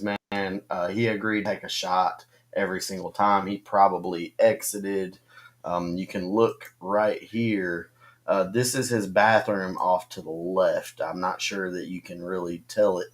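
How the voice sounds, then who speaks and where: Halting low-voiced man hosting a stream. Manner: halting, full of ums and restarts. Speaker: co-host of a fantasy football stream. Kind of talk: casual livestream chat.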